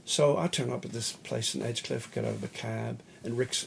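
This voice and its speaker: Middle-aged Australian male, gravelly, chatty anecdotal storyteller, mid pitch. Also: fairly even intonation, a little fast, slight background noise. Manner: rambling anecdotal storyteller, laughs often, acts out quotes. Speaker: guest musician, bass player. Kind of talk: casual storytelling interview.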